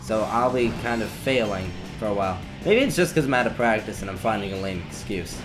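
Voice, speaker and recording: A man's voice: fairly low pitch, lively intonation, fairly quick. Wry young man narrating gameplay. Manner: rambling, wry, sarcastic asides. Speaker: let's play commentator. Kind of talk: casual gameplay commentary. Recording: game music playing behind. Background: video game music.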